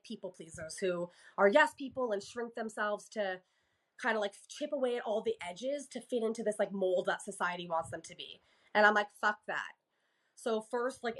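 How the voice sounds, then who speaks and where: A woman's voice: mid-range voice, fairly bright tone. A woman from Canada, a therapist and podcast guest, talking candidly in casual conversation, swearing freely and acting out exchanges with her clients.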